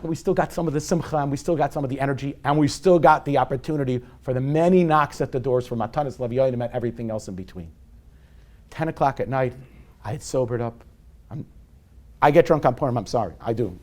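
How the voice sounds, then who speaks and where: A man in his forties, a rabbi, lectures to a live audience in an animated storytelling way. He mixes self-deprecating humor with Yiddish and Hebrew words. His voice sits at an ordinary pitch for a man. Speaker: rabbi giving a public talk on parenting.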